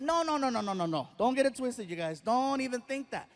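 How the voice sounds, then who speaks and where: A male comedian telling an animated stand-up story on stage, acting out scenes and yelping. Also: very high voice, brisk, long reverb tail.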